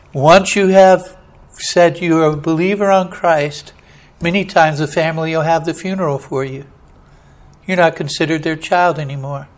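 A man preaching a fiery sermon, swinging between hushed storytelling and loud, emphatic hollering with a repetitive preaching cadence. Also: fairly high pitch, poor audio.

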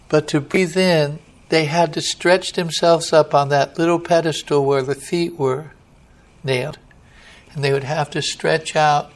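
A man, a pastor, preaching a sermon with surges of emphasis and some halting restarts. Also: fairly high pitch, steady tone.

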